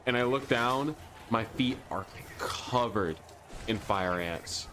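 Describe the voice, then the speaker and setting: A man streamer casually telling a childhood story in an animated, self-deprecating way, laughing often. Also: medium pitch, slow pace, a little hiss or hum.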